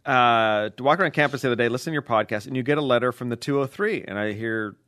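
A man co-hosting a comedy podcast and reading listener letters in a dry, mock-formal way that breaks into loud mock shouting. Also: mid-range voice, quick pace, dry recording. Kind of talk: casual comedic chat.

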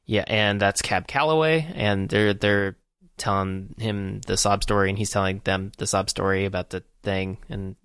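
A man casually talking about a film with a friend, recapping the plot slowly with lots of fillers. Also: on the low side, steady tone, fairly bright tone, clean tone, dry recording, studio quality. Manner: recaps plot in a halting, unhurried way with many fillers. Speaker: podcast co-host.

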